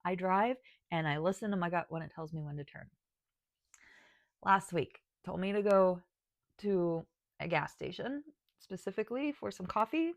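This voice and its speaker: In a personal talk to camera, a tearful woman describes her spiritual path, her emotion making her choke up, sigh and restart. She's a spiritual guide and video creator. Her voice sits on the low side at a moderate pace with long pauses, and there's no room sound.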